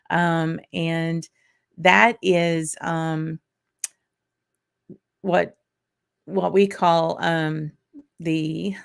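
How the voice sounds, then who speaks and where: Slow, gravelly woman chatting. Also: fairly low pitch. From Louisiana. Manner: chatty, reading out chat names, many ums and restarts. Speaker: whisky livestream host. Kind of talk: casual livestream chat.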